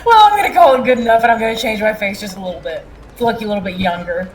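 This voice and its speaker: A woman's voice: mid-range voice, lively intonation, very fast, poor audio. Chatty woman playing a tabletop game. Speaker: player. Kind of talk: casual tabletop role-play.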